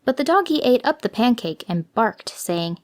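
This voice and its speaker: A woman telling a fairy tale in an expressive, gentle scripted reading. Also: on the high side, moderate pace. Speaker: storyteller.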